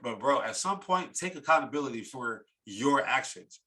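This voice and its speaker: A man's voice: medium pitch, animated, normal speed, sharp tone. A man co-hosting a sports podcast, delivering a heated, ranting take. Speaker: podcast co-host. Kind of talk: sports talk rant.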